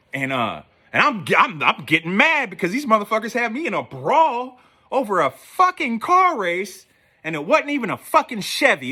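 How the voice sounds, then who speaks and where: A man's voice: sits high, pushed and bright. A man telling a rambling, profane story in a casual storytelling style, with lots of fillers. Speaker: podcast host.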